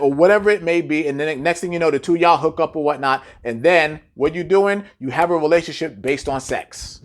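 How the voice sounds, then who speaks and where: A man's voice: fairly high pitch, brisk, few pauses. A man delivering a blunt, profane monologue full of rhetorical questions and repetition, lecturing his audience. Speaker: commentator. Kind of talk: preachy monologue to camera.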